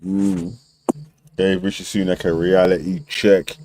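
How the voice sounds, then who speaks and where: Low, mellow-voiced man in slang chat. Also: flat delivery, unhurried, slight background noise, low-quality recording. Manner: slangy, laughs often, mimics people. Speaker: debate show host. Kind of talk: casual panel chat.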